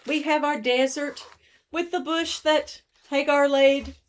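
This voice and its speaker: A woman whose voice is a little high runs a children's story hour at church, retelling a story with finger acting and showing the kids a craft.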